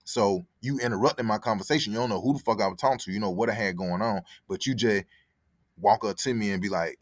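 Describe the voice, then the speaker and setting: A man's voice: lowish voice, fast, no echo, studio quality. A man telling a story in casual, profane, rambling talk as a podcast host, often repeating himself. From born in Connecticut, raised in Atlanta.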